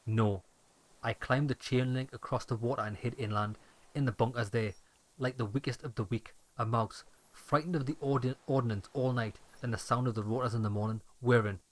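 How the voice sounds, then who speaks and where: A man's voice: mid-range voice, steady tone, moderate pace, close to an everyday voice. Brief: frail bitter old soldier-deserter, grim and clipped, read by a man in a mid-range voice. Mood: haunted.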